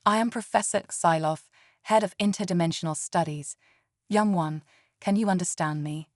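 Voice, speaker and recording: A woman voicing a courteous, curious alien professor shaped like an octopus crossed with a tree, in a measured, melodious tone. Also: lowish voice, a little mellow, dry recording, studio quality, lightly acted. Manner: formal, measured. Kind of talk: scripted narration.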